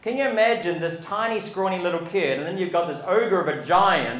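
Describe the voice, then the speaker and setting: A male pastor delivers a sermon in a church sanctuary, his voice sitting a little high. He builds to emphatic, rising lines and poses questions for the congregation to answer. The room is echoey around him. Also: brisk, fairly bright tone.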